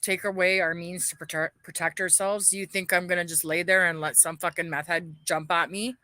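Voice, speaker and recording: A woman's voice: lowish voice, level tone, brisk, pushed and bright, no room sound. A woman ranting bitterly on a livestream, swearing heavily and airing her grievances. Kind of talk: angry livestream rant.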